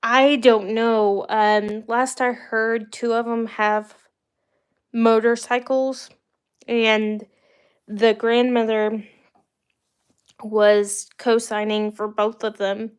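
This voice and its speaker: A woman's voice: a little high, little pitch movement, slow pace, long pauses, clear, resonant tone. A young woman from the United States hosting a livestream, telling rambling personal stories in a chatty, casual way with the odd laugh. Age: young adult. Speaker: livestream host. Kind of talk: casual storytelling to live viewers.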